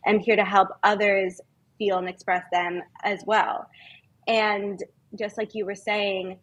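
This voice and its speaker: A woman guest on a podcast, speaking in an earnest, heartfelt, measured way in casual conversation. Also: medium pitch, level tone, low-quality recording.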